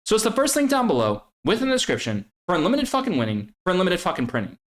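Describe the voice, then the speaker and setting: A man's voice: high-pitched, wildly swooping pitch, very fast. A man hosting a trading group vlog, swearing constantly and hard-selling membership with repeated slogans. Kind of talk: hyped promotional vlog rant.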